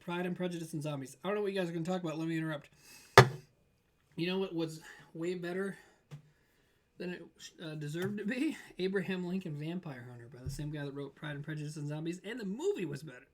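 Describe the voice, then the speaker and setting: A man's voice: fairly high pitch, fast talker, a little mellow, slight background noise. Guy rambling to his stream chat, loose and casual, trails off a lot.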